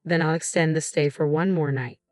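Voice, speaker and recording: A woman voicing an evasive, lying adult husband in a narrated story, with a smooth and falsely cheerful manner. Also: low-pitched, steady tone, brisk, a little mellow, no echo, studio quality, lightly acted.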